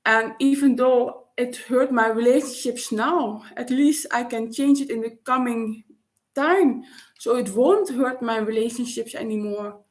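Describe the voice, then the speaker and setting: Halting woman, slightly high. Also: fairly even intonation. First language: Dutch. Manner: halting, searching for words with frequent restarts. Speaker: vlogger. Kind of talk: personal reflective monologue.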